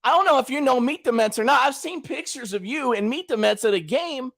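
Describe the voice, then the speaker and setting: A man's voice: very high voice, animated, fairly quick, vocal fry, fairly bright tone. A man hosting his own livestream, casually trash-talking a rival in colloquial slang and talking straight to his chat. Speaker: channel host.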